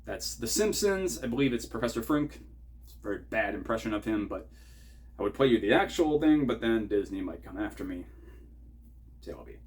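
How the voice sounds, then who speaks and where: A man's voice: lowish voice, very animated, a little fast. A middle-aged man hosting a scripted writing lesson, with dry, self-mocking asides. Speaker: writing teacher and channel host.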